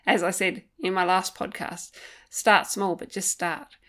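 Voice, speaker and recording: A woman hosting a solo podcast, talking gently and earnestly, thinking aloud with frequent pauses and ums while offering faith-based encouragement. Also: on the low side, fairly even intonation. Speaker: podcast host. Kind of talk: reflective solo podcast talk.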